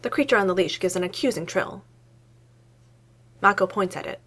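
A woman reading fiction aloud in an expressive storytelling manner. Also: medium pitch, normal speed, husky. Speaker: story reader.

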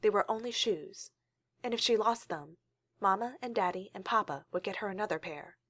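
A woman reading a story aloud in a calm, steady storytelling manner. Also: medium pitch, normal speed, no echo, studio quality. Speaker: reader.

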